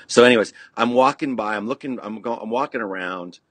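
A man's voice: lowish voice, fairly quick, a bit bright, dry recording. A middle-aged man from California, a podcast guest, telling stories in a laid-back, rambling way and swearing freely, with many restarts and "you know"s. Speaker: podcast guest, punk musician. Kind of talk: casual storytelling. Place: podcast studio.

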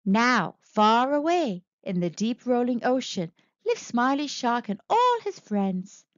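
A woman reading a children's picture book aloud in a lively, sing-song storybook manner. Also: on the high side, slow pace, no room sound, highs cut off. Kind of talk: children's read-aloud narration.

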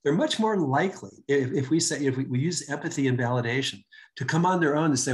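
A man's voice: mid-range voice, lively intonation. A man co-authoring a parenting book, talking to parents in a conversational way, stopping and restarting often. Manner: halting, with many restarts. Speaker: co-author giving a book talk.

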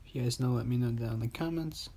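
A man who hosts a mobile baseball game channel opens card packs while commenting casually and talking to himself in a relaxed way. His medium-pitched voice is slightly rough and moves at a quick pace.

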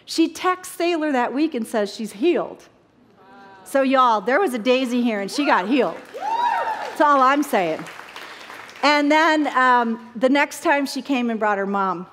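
A woman preaching and teaching scripture in an animated way. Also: sits high, a little slow, some chatter behind. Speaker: Bible study teacher. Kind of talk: sermon. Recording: echoey hall.

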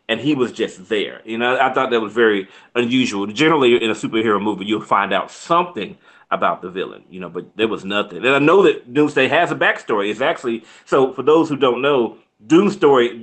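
A man in a loose, chatty review conversation, speaking at an ordinary middle pitch. He rambles through restarts and breaks into laughter often. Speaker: co-host reviewing a film. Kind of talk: casual review chat.

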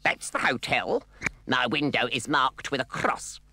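A man voicing a nasty, bossy witch woman for a storybook record, speaking in a sharp, snappy, spiteful way. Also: mid-range voice, lively intonation, measured pace, creaky, slight background noise, pitched above the performer's own voice, heavily acted.

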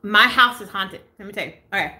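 An American beauty vlogger goes live from home on her phone camera, telling a story in a casual, animated way at a brisk pace. Her voice sits in the mid-range, she swears freely, and she acts out what other people said.

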